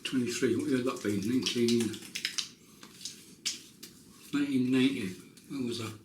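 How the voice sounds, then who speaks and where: A man's voice: medium pitch, moderate pace, far from the mic. A man in his fifties, chatting casually and joking at himself while he shaves at home. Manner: chatty, joking, self-mocking asides. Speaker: shaving vlogger. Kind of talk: casual chat while shaving. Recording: roomy, off-mic, faint noise.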